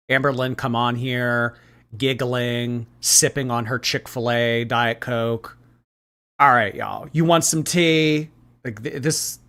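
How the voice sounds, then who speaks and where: A man's voice: mid-range voice, bright, forceful tone. Man hosting a livestream. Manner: reacts to clips, thanks viewers by name. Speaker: livestream commentary host. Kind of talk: casual livestream commentary.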